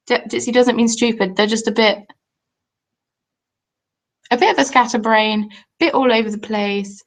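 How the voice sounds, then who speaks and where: A young woman rambles cheerfully through a home live stream. She chats off the cuff, trails off and restarts, and keeps stopping to answer viewers' comments. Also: mid-range voice. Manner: chatty, rambling, reads out and answers chat comments. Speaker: craft YouTuber.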